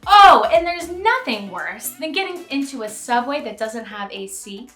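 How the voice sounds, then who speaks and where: A young woman tells stories in a casual, animated way, acting out what people said and filling gaps with "like" and "um." Her voice is bright and forward. She sounds roomy and echoey, with soft music underneath. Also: fairly high pitch, moderate pace. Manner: chatty, animated, many fillers and acted-out quotes. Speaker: vlogger. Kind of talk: casual storytime monologue. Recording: echoey room with faint music.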